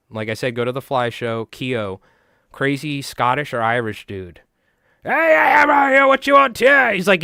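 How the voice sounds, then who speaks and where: A man, chatting in a rambling, animated way to his viewers while tying flies on a live stream. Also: mid-range voice, smooth, no echo. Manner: rambling, animated, talks to chat.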